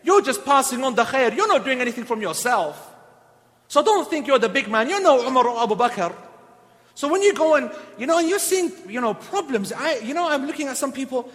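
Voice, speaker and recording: High-voiced man preaching in a reverberant hall. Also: brisk. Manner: lively storytelling, acting out quoted people. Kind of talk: sermon.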